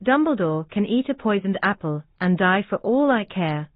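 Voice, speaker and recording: A woman reading the lines of a cold, hostile male professor in a slow, even way, on a dry, tinny recording. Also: mid-range voice, no echo, close to an everyday voice. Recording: dry, tinny phone-like sound.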